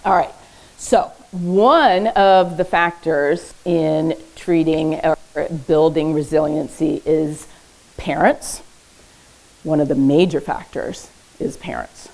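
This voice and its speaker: A woman therapist presents to parents in a public library room, and her voice sits low with a gravelly edge. She keeps her delivery conversational and warm with humor. She often pauses to ask "okay?" before moving on. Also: steady tone, poor audio. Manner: uses light humor while teaching. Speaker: therapist giving a parenting talk. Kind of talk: informal educational presentation.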